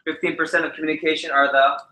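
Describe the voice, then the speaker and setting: Bright-voiced man coaching a live room. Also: fast talker. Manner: animated, varies speed and pitch to demonstrate points. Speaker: public speaking trainer. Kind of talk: energetic presentation to a live group. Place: meeting room with a live audience. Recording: roomy echoey hall.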